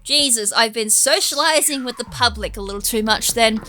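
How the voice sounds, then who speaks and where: Bright Australian woman gaming chat. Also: a little high, moderate pace, soft background music. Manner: rambling, self-deprecating asides. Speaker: gaming YouTuber. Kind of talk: casual let's-play commentary.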